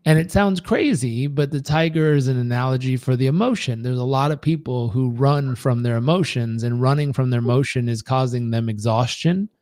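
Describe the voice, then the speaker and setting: A man's voice: medium pitch, fairly quick, hardly any pauses, darkish tone, no echo. A man speaks earnestly in a live coaching session, building his point through repetition. His voice sits in a mid range, and the sound is dry and close. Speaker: performance coach. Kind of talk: live training talk.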